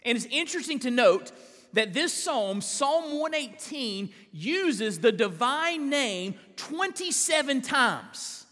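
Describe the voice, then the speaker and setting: A male pastor preaching a live sermon in a church, emphatic, with big swings in pitch and drawn-out stressed words. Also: very animated, pushed and bright, long reverb tail. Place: large church sanctuary.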